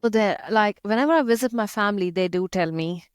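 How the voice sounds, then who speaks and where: A woman's voice: medium pitch, brisk, smooth, no room sound, clean studio sound. A young woman from India with an Indian accent, chatting as an interview guest, laughing often and using many fillers. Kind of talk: casual interview chat.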